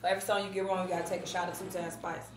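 A woman's voice: lowish voice, little pitch movement, rapid-fire. A woman hosting a mukbang video, chatting casually while eating, bossy and teasing, scolding bluntly with some cursing. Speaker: mukbang channel host. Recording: roomy echo, noticeable background noise.

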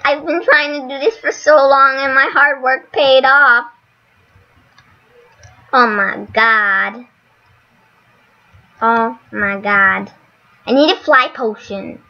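A woman casually commenting on her gameplay, excitable and gushing. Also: high-pitched, dull audio. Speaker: gaming channel host.

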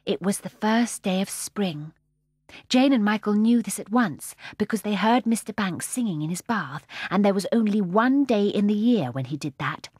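Lady reading a kids book aloud, measured and expressive, dry close mic. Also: medium pitch, slightly rough, dry recording. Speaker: audiobook narrator. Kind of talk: scripted narration.

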